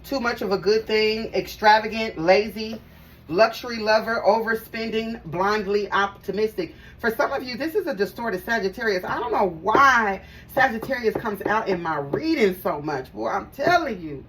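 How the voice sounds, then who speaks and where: A woman's voice: mid-range voice, lively intonation, moderate pace, a bit bright. A woman giving a casual tarot reading to her viewers, chatty and emphatic, repeating phrases and talking straight to them. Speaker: tarot reader. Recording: voice a bit far from the mic, faint background noise.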